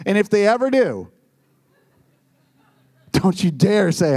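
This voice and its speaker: A man's voice: extremely high pitch, normal speed, long pauses, darkish tone. A young man preaching as pastor, earnest and storytelling, often repeating words for emphasis. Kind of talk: sermon.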